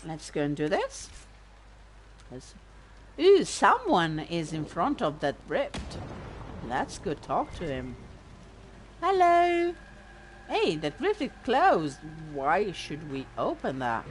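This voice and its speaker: A woman streaming a video game, chatting casually in a halting way and laughing easily. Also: lowish voice, huge pitch swings, a little hiss or hum. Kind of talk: casual gameplay commentary.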